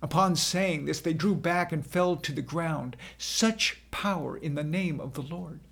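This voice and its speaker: A man narrating a dramatic first-person scripture reading in a slow, earnest storytelling manner. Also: a little high, gravelly, a bit bright, husky.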